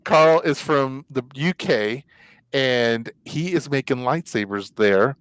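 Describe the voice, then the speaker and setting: A man hosting a casual live online talk show, excitable and rambling, calling himself geeky. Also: mid-range voice, slow, clean tone, dry recording, rough recording.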